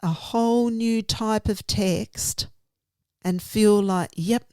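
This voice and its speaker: A woman's voice: mid-range voice, steady tone, takes it slowly, mellow, smooth, no room sound, clean studio sound. A woman teacher explaining her classroom methods in a reflective, step-by-step way. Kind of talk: professional conversation about teaching.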